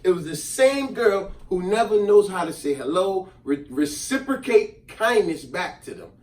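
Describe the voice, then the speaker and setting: Animated man telling stories in a roomy space. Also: sits high, measured pace. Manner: animated, acts out voices in quotes. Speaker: storyteller. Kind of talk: casual storytelling monologue. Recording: roomy and distant from the mic.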